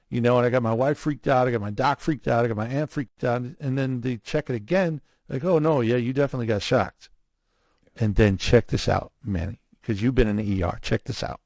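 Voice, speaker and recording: A man telling his own story in a casual interview, animated, acting out what others said to him. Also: medium pitch, brisk, no room sound. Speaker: guest, cardiac arrest survivor.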